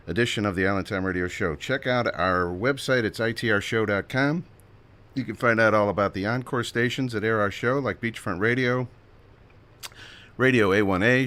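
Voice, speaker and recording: A man with a lowish voice hosts a radio show, chatty, upbeat and loose as he rambles. He sounds a little out of breath, as if he is running between tasks. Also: a bit bright. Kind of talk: casual radio hosting.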